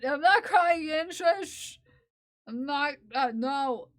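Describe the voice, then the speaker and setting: A woman's voice: high-pitched, expressive, takes it slowly, fairly bright tone. A young woman live-streaming while crafting, chatting playfully with viewers, laughing and mock-scolding them. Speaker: livestreamer. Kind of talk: casual live-stream chat.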